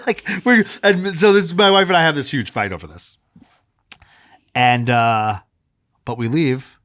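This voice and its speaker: A man in his thirties tells a story on a podcast, cursing freely and acting out every line of dialogue. His pitch swings high and low as he performs the quotes. The sound is close and dry, with no room around it. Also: no room sound. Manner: animated, swears freely, acts out quotes. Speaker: podcast co-host. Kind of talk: casual storytelling chat.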